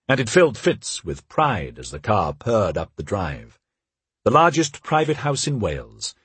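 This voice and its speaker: A man narrating a novel in a measured, expressive read on a close mic. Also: medium pitch, breathy edge, no echo. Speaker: audiobook narrator. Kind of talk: scripted narration.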